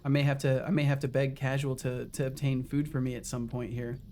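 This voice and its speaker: A man's voice: mid-range voice, little pitch movement, fairly quick, a little mellow, slight background noise. A man live-streaming a video game, chatting casually with his viewers and swearing often. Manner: swears often, talks to chat while playing.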